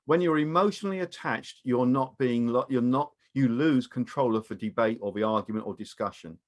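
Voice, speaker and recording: A mid-range British male voice leads a training webinar on a video call, sharing advice in a calm, measured manner.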